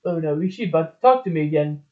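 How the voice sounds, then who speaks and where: A reluctant, put-upon vending machine mutters its thoughts, voiced by a man. His voice sits a little high for a man. The recording is dull and lo-fi. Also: expressive, fast talker, natural voice. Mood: dreading. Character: male vending machine, grumbling inner voice.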